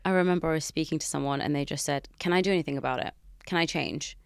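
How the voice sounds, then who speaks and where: A woman hosting a podcast, chatting casually and gushing warmly with her guest. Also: low-pitched, fast talker, creaky, smooth, dry recording, clean studio sound. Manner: gushing, emotional, laughs easily. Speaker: podcast host. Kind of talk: casual interview chat.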